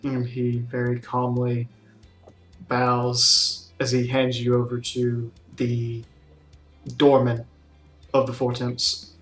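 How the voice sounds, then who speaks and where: A man narrating a tabletop game as game master, in a relaxed way with fillers. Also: medium pitch, slow pace, pauses often. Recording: roomy echo with faint music.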